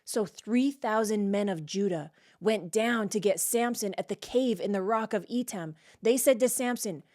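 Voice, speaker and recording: A woman hosting a casual Bible study, reading verses aloud and then reacting and explaining them in everyday talk, often checking in with a quick "right?". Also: medium pitch, darkish tone. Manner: frequent "like" and "right?" checks with the listener.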